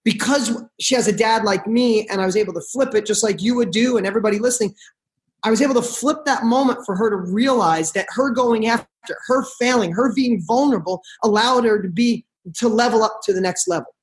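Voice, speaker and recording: A middle-aged man speaks as a podcast guest, launching into motivational stories with real passion. His delivery is rapid and driven, loose and casual, with the occasional swear word thrown in. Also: high-pitched.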